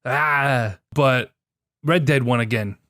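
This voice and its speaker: A young man with an average-pitched voice co-hosts a casual podcast chat. He is sarcastic and quick to swear, and he bursts into animated complaints. The recording is dry and close, with no room sound. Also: no echo. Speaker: podcast co-host.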